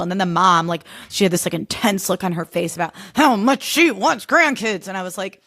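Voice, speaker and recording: A woman's voice: mid-range voice, lively intonation, pushed and bright. Chatty sarcastic young woman host. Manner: chatty, fast, sarcastic, swears a lot, heavy 'like' fillers. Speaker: podcast host. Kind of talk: casual chat.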